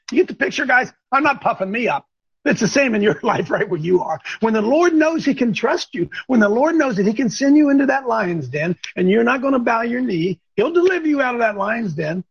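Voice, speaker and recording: A man with a high, husky, gravelly voice preaches to his listeners with fervor. He rises into sudden shouts and keeps clearing his throat. The sound is dull and lo-fi. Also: expressive, normal speed, no room sound. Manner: fervent, preachy, bursts into shouts. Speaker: host. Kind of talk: call-in preaching talk.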